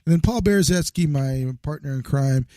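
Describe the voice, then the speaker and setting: A man's voice: on the high side, moderate pace, dark tone, no room sound. A man hosting a podcast in a casual, rambling way, laughing often. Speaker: podcast host. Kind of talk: casual interview chat.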